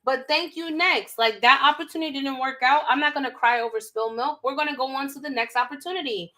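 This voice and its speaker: A young woman giving a live tarot reading, animated and emphatic, full of slang, talking straight to her viewers. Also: high voice, quick pace. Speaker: tarot reader.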